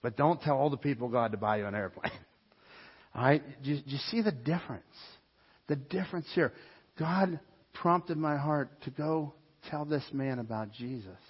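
Male pastor, mid pitch, storytelling sermon that swells into loud, urgent passages; dull lo-fi sound. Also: normal speed, husky, big-room sound. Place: church.

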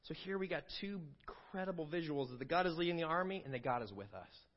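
A man's voice: fairly high pitch, expressive, fast. A man preaching a sermon in a conversational way, with fillers and asides to the congregation. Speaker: pastor. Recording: dull lo-fi sound.

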